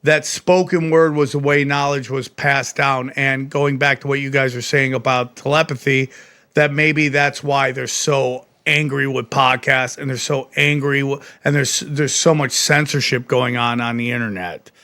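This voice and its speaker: A man hosts a casual podcast conversation with a bright, forceful voice. He talks in animated, quick asides. The sound is dry and close. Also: mid-range voice, no echo. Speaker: podcast host.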